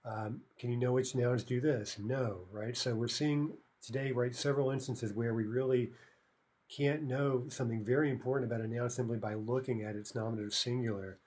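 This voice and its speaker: A man's voice: mid-range voice, steady tone, moderate pace, darkish tone. A man teaching a recorded language lesson, explaining grammar rules step by step and often checking in with "right?".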